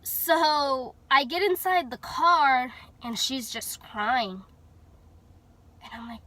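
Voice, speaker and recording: A woman's voice: sits high, takes it slowly, sharp tone. A young woman from Texas telling a personal story in a chatty way, full of fillers and acted-out dialogue. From Houston, Texas. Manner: chatty, many fillers, acts out quoted dialogue. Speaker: vlogger telling her story. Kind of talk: casual storytelling.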